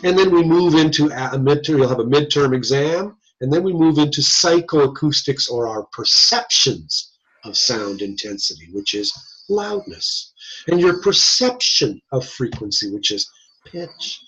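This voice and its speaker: A man lectures a class in a folksy, joking, conversational manner, captured in a dull lo-fi classroom recording from a video call or room mic. He's an instructor whose voice is a little high, animated, fairly bright and breathy, at a measured pace.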